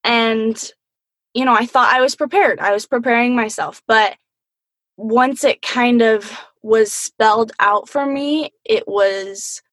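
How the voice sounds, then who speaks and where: A woman's voice: on the high side, slow pace, a bit bright, no echo. A young woman telling a personal story in an earnest, candid way.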